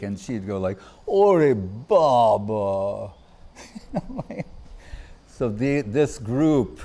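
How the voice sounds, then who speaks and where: A man giving a devotional festival talk, telling anecdotes and acting out the voices of the people he quotes. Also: mid-range voice. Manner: anecdotal, warm laughter, acts out quoted voices. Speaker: Gaudiya Vaishnava speaker. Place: temple festival gathering.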